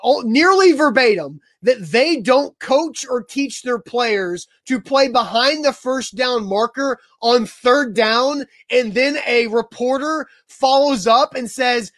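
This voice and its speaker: A man's voice: very high voice, slow, few pauses, a bit bright, no room sound, clean studio sound. A man co-hosting a sports talk show, building his argument step by step. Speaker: podcast co-host.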